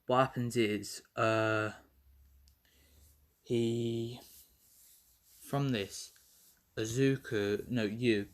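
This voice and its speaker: A man's voice: mid-range voice, steady tone, drawn-out words, pauses often. A young man retelling a fan story in a rambling, self-correcting way, swearing freely as he goes. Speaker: vlogger.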